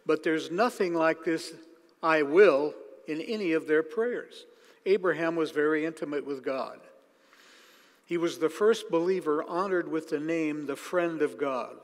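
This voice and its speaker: Emphatic male preacher in an echoing hall. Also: fairly high pitch. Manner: emphatic, slows down to stress key phrases. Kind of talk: sermon. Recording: long hall reverb.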